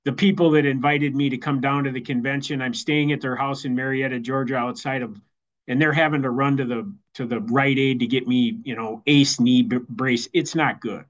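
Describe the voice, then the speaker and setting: A man giving a personal recovery share as the keynote speaker, halting and repeating words as he goes. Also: medium pitch, steady tone, lo-fi sound. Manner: halting, repeats words while finding them. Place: online meeting.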